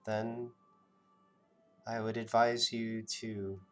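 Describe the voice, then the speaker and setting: A man voicing a guarded, cautious village woman in a tabletop role-play, hesitant and rushed in her speech. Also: on the low side, little pitch movement, fairly bright tone, soft background music, pitched above the performer's own voice.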